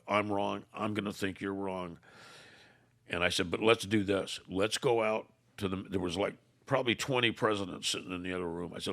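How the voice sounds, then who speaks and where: An older man, a podcast guest, telling a story by acting out both sides of an old argument, with halting restarts. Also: fairly low pitch, fairly bright tone. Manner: retells arguments through quoted dialogue, "I said", "I go". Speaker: podcast guest, former motorcycle club leader. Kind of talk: storytelling in conversation.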